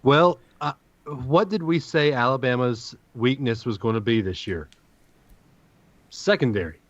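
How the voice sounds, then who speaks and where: A man's voice: medium pitch, a little slow, dry recording. Southern US man, podcast co-host, confident analytical picks, dry slightly muffled mic. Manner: confident, analytical game predictions. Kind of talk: casual sports chat.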